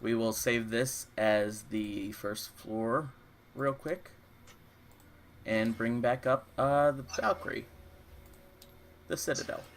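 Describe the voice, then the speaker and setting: A man's voice: medium pitch, steady tone, slow, long pauses, a little hiss or hum. Casual rambling dungeon master man. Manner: casual, rambling with many fillers. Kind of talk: narrating a tabletop game.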